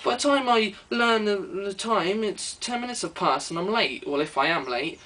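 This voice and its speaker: A man's voice: high voice, moderate pace, sharp tone. A man delivering an exasperated comedic rant. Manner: exasperated, ranting.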